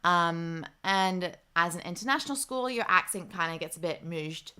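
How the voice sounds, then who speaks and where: A young woman with an Australian accent hosts a casual livestream. Her voice is bright and forward, and she chats easily as she greets viewers by name. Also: fairly low pitch, animated, normal speed, smooth. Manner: chatty, reads viewer comments aloud. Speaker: livestream host.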